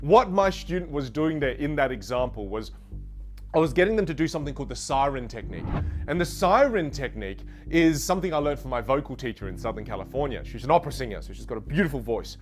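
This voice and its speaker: A man teaching an online voice course, animated and playful, showing pitches from low to high. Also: fast, soft background music. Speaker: voice coach.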